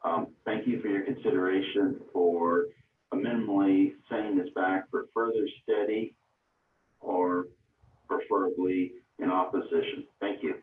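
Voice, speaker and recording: Low-voiced man on a tinny phone line. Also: fairly even intonation, echoey room, distant mic, a little hiss or hum. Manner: halting, with frequent ums and restarts. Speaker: public commenter at a state hearing. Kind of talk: formal public comment.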